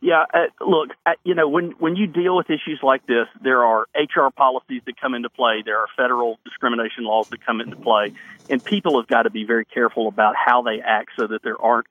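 Husky-voiced man on a phone line. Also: medium pitch, steady tone, fast talker, dry recording. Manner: emphatic, answers his own rhetorical questions. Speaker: state lawmaker as radio guest. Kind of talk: radio call-in interview. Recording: phone line into a radio show.

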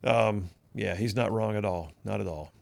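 Gravelly talk radio host reading texts. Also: male voice, lowish voice, moderate pace, darkish tone, no echo. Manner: casual, chuckling, conversational.

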